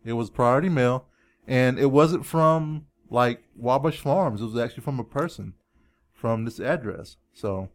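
Guy cohosting a podcast, goofy and teasing, average pitch. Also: measured pace. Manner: playful, teasing, repeats jokes. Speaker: podcast co-host. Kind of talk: casual chat.

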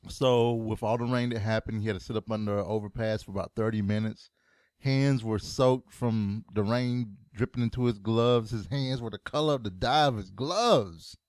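A man's voice: lowish voice, normal speed, a little mellow, no echo, clean studio sound. A man, co-hosting a casual podcast chat and joking around playfully. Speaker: podcast co-host.

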